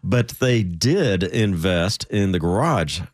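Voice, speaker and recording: A man talking as a guest on a casual motorsport show, relaxed and agreeable. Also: low-pitched, takes it slowly, no room sound, studio quality.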